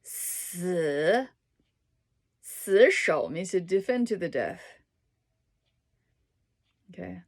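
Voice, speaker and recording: A woman's voice: fairly low pitch, lively intonation, very slow, pauses often. A woman casually reading dictionary entries aloud to herself, trying out Chinese words with small asides and occasional whispers. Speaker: language learner reading a dictionary.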